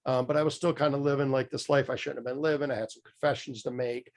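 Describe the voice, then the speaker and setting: Speaking quickly with a steady tone at medium pitch, a middle-aged man tells his story as a podcast guest. He's a mindset coach, candid and rambling in this casual interview, peppering it with fillers and restarts.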